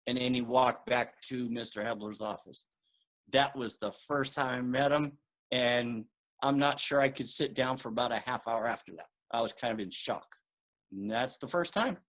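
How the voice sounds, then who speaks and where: A man telling a personal story in a casual, animated way, acting out the dialogue he quotes. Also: medium pitch, moderate pace, low-quality recording. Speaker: martial arts guest answering questions. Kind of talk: casual storytelling on a video call.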